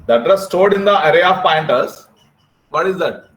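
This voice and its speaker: A man giving a classroom programming lecture, repeating phrases slowly and checking in with his students. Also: high-pitched, lively intonation, fairly bright tone, low-quality recording. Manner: repetitive, drawn-out, checks in with students.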